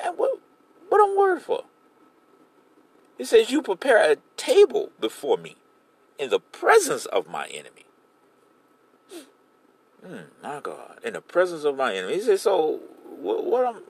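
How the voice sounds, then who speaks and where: Animated high-voiced man preaching. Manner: animated preaching, paraphrasing scripture in casual street talk. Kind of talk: sermon.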